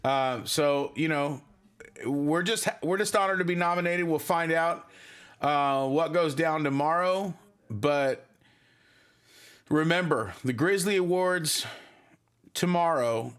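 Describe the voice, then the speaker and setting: A man's voice: on the high side, slow, long pauses, fairly bright tone, clean tone. A man hosting a casual livestream for his band, rambling and chatty as he reads viewer comments. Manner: rambling, chatty, many fillers.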